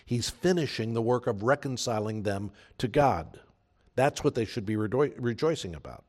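A man's voice: medium pitch, expressive, normal speed, a little mellow. A man preaching a sermon as pastor, earnest and emphatic, repeating phrases for weight.

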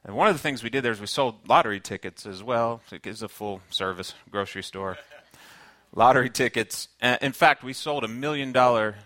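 A man's voice: medium pitch, a little fast, fairly bright tone, no echo. A man from Kentucky with a Southern accent, preaching a sermon in an earnest, conversational way and weaving in personal stories. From Kentucky, United States. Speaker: pastor.

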